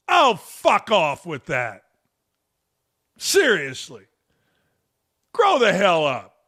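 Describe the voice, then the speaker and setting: A middle-aged American man hosting a sports talk show, ranting bluntly and profanely with sudden shouted outbursts. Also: sits high, no echo, clean studio sound. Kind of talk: opinionated sports rant.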